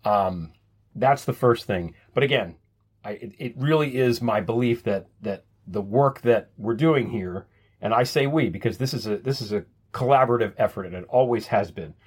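A man's voice: on the low side, normal speed, slightly rough. A man hosting his own podcast, talking casually and chattily, often restarting his sentences. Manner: chatty, self-deprecating, repeats words when restarting. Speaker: podcast host.

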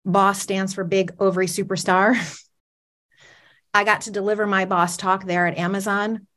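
A woman's voice: mid-range voice, flat delivery, measured pace, fairly bright tone. A woman in her forties, a motivational speaker, telling a personal story on stage with dramatic pacing and questions to the audience.

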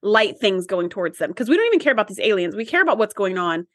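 A woman's voice: mid-range voice, quick pace, no room sound, clean studio sound. Chatty woman recapping an episode. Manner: chatty, animated retelling with quoted voices. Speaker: podcast co-host. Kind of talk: casual chat recapping a TV episode.

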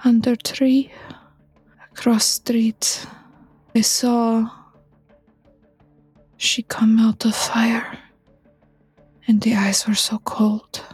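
A woman voicing a delirious, terrified male patient in whispered role-play, speaking halting broken English in fragments. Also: on the high side, flat delivery, a little mellow, husky, no room sound, soft background music, exaggerated voice. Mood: haunted whisper.

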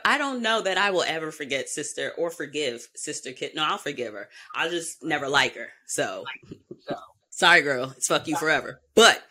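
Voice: medium pitch, pushed and bright. A podcast host chatting casually with a guest and tossing in playful, joking asides.

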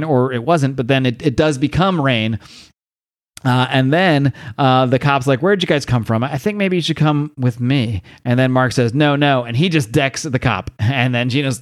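Man recapping a comic, dry close sound. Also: dry recording. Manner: acts out dialogue with high-pitched voices, swears casually. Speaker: podcast host.

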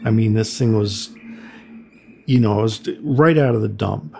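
Gravelly-voiced older man telling stories. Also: a little slow, long pauses. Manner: conversational, acts out quotes with raised pitch. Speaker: graffiti artist recounting his career. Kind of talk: reflective storytelling. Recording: soft music underneath.

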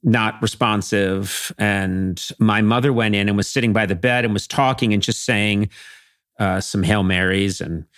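A middle-aged man from Massachusetts, a podcast guest telling comic stories with animated, playful swings into character voices. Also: lowish voice, a little slow, dry recording, studio quality. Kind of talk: comic storytelling.

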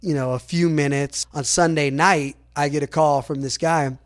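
A man, a podcast guest, telling stories in a rambling, animated way, full of "like" fillers and acted-out quotes. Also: on the high side, normal speed. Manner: acts out other people's lines in quotes. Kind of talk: casual storytelling in an interview.

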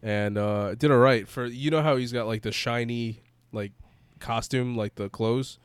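A man's voice: medium pitch, fairly even intonation, normal speed, clear, resonant tone, no room sound. A young man in casual chat, telling rambling stories and laughing easily. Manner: rambling storyteller, laughs easily, mimics people in quotes.

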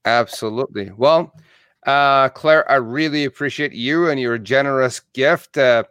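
A man's voice: medium pitch, measured pace, fairly bright tone, clean tone, dry recording. A man from Canada hosting a casual online interview, friendly and chatty with many "uh"s, still in his morning voice. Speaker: interview host.

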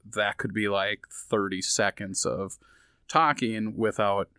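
A man with a low voice talks loosely on a podcast, trailing off and restarting his sentences, with lots of ums along the way. The sound is dry and close, with no room around it. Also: fairly even intonation, unhurried, sharp tone, smooth, no echo. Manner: rambling, many fillers and restarts. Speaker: comedian guest. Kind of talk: casual podcast chat.

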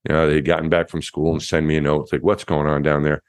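A man in his fifties, a former astronaut, telling lively anecdotes as an interview guest, often restarting his sentences. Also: a bass voice, fast talker, clear, resonant tone, dry recording, studio quality. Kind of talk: storytelling interview.

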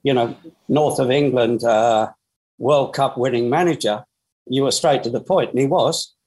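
A man's voice: mid-range voice, moderate pace, husky, rough recording. Older Australian man telling a story. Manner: lively storyteller with frequent restarts and fillers. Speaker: guest, former footballer. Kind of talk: storytelling interview.

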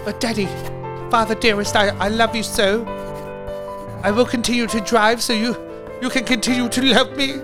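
A man's voice: very high voice, fairly even intonation, normal speed, pauses often, over music. A man doing a whiny needy racing driver. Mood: pleading. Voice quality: whiny, pleading. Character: whiny young male racing driver writing a needy letter to his father. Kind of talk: comedy letter reading.

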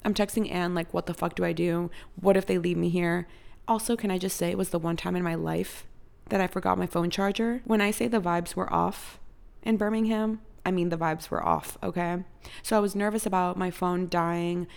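Young woman vlogger with vocal fry, chatty and theatrical, casual storytime. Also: on the low side, steady tone, moderate pace. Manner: chatty and dramatic, heavy use of "like".

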